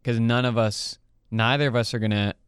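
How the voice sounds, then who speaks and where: Smooth-voiced wisecracking guy. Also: mid-range voice, brisk, no room sound, clean studio sound. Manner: wisecracking, deadpan jokes, mock accents. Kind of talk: casual chat.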